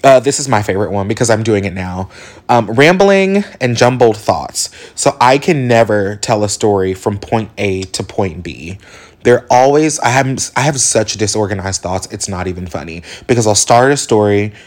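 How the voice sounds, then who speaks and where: A young man in his twenties hosts his own podcast, wandering from one tangent to the next in a frank, profane, chatty way. His speaking voice sits fairly low. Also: animated, normal speed. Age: 20s. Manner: rambling, candid and profane, with mimicked voices. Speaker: podcast host. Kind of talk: casual solo podcast monologue.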